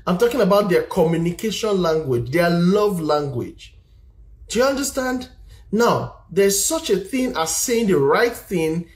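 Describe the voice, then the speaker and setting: Counselor, preachy and repetitive, mid pitch, roomy echo. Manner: emphatic and preachy, repeats points, checks in with "do you understand". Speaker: relationship counselor. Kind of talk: live-stream advice talk.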